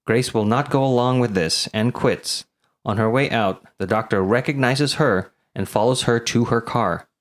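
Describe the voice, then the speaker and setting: A man co-hosting a podcast, casually recapping a film's plot in quick summary. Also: medium pitch. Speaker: podcast co-host. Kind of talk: casual chat.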